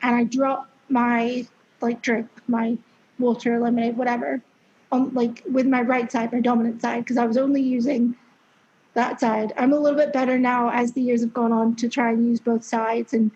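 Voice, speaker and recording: A young woman with a high voice talks as a podcast guest, in a loose, chatty way full of fillers and blunt swearing. The sound is dull and lo-fi. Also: flat delivery, normal speed, darkish tone. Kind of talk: casual interview storytelling.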